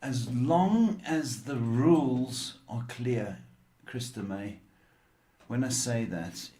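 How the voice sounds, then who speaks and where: A man hosts a livestream psychic reading and talks slowly with lots of "um"s. His pitch swings up and down a lot. He calls his callers fond names as he rambles through his advice. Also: lively intonation, dark tone. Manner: slow, rambling, many fillers, calls callers "baby". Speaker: psychic reader and show host.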